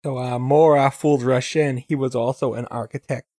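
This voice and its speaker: Male podcast co-host, mid voice, quick quips, dry recording. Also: medium pitch, steady tone, a little mellow, no echo. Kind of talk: casual chat.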